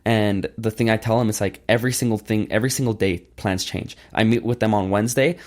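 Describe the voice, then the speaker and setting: A man's voice: on the low side, fairly even intonation, fast talker, a little mellow. A man in his twenties, a guest entrepreneur in a casual podcast interview, talking emphatically and bluntly with plenty of swearing. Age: 20s.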